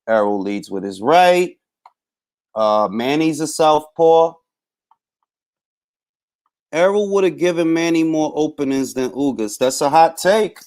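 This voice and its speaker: Male live-stream host, easygoing chat, mid pitch. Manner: laid-back, shouts out viewers by name.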